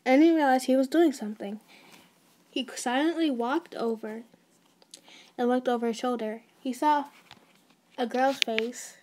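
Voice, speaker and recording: A woman's voice: sits high, unhurried, long pauses, darkish tone, slight background noise. A woman narrating an ASMR fan story in a casual way, with restarts and side notes.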